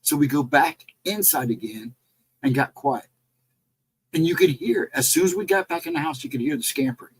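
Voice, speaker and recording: Male storyteller, husky and lively, casual ghost-story retelling. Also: mid-range voice, moderate pace, poor audio. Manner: animated, rambling retelling with restarts.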